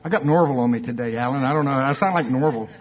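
A male preacher telling a story in an emphatic, animated sermon, with asides to the congregation. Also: mid-range voice, fast. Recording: dull lo-fi sermon recording.

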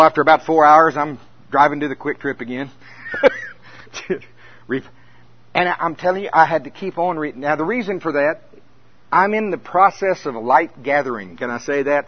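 Older male preacher, animated storyteller, slightly high voice, dull lo-fi sound. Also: slightly rough. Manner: animated storytelling, acts out scenes. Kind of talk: sermon. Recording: dull lo-fi recording.

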